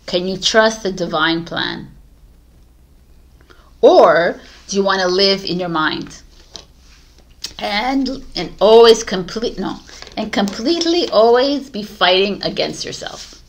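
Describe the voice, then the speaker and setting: A woman talking through a tarot reading in a casual, animated way, coaching her viewers and laughing often. Her voice sits in a middle range. She sounds like she's recording at home into a desk mic. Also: medium pitch, unhurried. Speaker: tarot reader.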